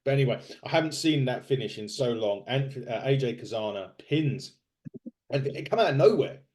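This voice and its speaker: A man's voice: medium pitch, animated, normal speed, darkish tone. A man co-hosting a podcast in casual chat, rambling with lots of fillers and restarts. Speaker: podcast co-host. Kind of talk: casual chat recapping wrestling.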